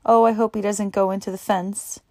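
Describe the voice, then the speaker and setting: A woman voicing a kind young woman who runs a kitchen, talking briskly and gently. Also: mid-range voice, flat delivery, dry recording, clean studio sound, lightly acted. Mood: gentle.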